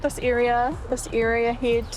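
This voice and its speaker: A woman's voice: on the high side, monotone, measured pace, a little mellow, soft background music. A woman psychic, speaking in fragmented, repetitive phrases.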